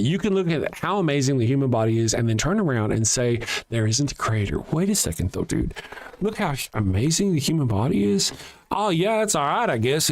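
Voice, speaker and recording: A man hosting a livestream alone, reading chat comments aloud and answering them in a blunt, sarcastic, profane rant. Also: medium pitch.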